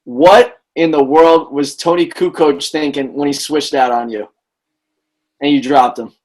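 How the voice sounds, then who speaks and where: A man's voice: fairly high pitch, fairly even intonation, a little slow, darkish tone, low-quality recording. Teasing male co-host. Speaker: podcast co-host. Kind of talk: casual joking chat.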